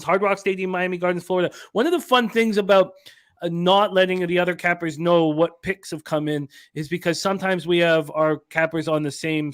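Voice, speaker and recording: A man hosting a sports betting radio show, briskly reading out picks and comments from the chat. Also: fairly high pitch.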